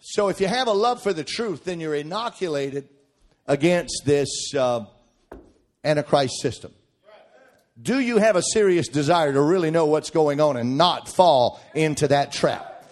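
A middle-aged male preacher with a drawl delivers a sermon in a slightly higher-than-usual voice. He hammers points home at full shout, then drops to low, folksy asides and jokes. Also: animated, unhurried. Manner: emphatic, swings from shouting to quiet asides.

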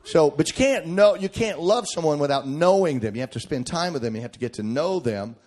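A middle-aged male preacher with a drawl delivers a sermon in a slightly higher-than-usual voice. He hammers points home at full shout, then drops to low, folksy asides and jokes. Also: expressive, brisk. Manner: emphatic, swings from shouting to quiet asides.

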